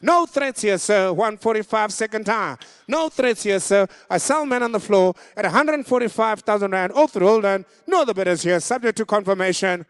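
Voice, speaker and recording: A man calling a live vehicle auction in a fast, rhythmic chant, pleading for bids. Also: high-pitched, animated, clear, resonant tone, no echo.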